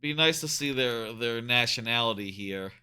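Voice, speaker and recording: A man's voice: medium pitch, moderate pace, pushed and bright, clear, resonant tone. A young man casually musing aloud as he plays through a game, rambling as he goes. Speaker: let's play host. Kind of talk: casual gameplay commentary.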